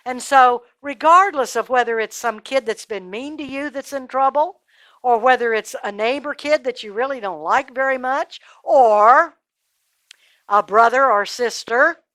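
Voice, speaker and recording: A woman with a fairly high voice tells a children's Bible story with lots of expression. She speaks directly to her young listeners, and the sound is close and dry. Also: unhurried, a bit bright, no room sound.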